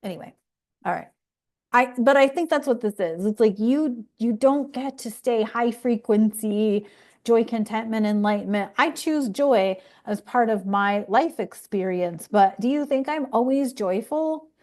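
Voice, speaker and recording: A woman's voice: a little high, unhurried, darkish tone. A woman astrology coach chats straight to her audience, blunt and profane. She rambles off on tangents, circling back with "right?" and "like.". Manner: candid, swears freely, rambling asides. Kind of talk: casual monologue.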